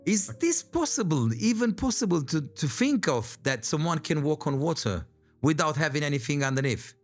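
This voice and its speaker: A man's voice: on the high side, big pitch swings, moderate pace. Man, podcast host, non-native English speaker, conversational questions, many fillers, faint music behind. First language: Romanian. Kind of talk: casual interview.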